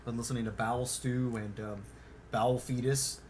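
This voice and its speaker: A man's voice: medium pitch, steady tone, normal speed, a little mellow, a little hiss or hum. A man hosting a podcast in casual chat, rambling with lots of fillers and swearing. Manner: rambling, profane, heavy on fillers. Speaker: podcast host.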